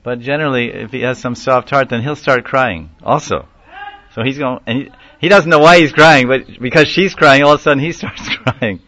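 A man's voice: medium pitch, normal speed, pushed and bright. A man giving a devotional class lecture, telling stories animatedly, acting out quotes and chuckling often. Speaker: spiritual lecturer.

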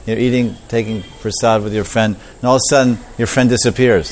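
Animated male preacher telling a story. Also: on the low side, fast talker, few pauses, slight background noise. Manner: animated, repetitive, acts out voices. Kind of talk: storytelling sermon.

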